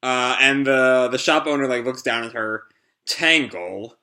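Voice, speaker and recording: A man's voice: medium pitch, steady tone, moderate pace, pushed and bright. A man giving casual live reaction commentary on a comic, rambling with fillers and correcting himself. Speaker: comic reviewer.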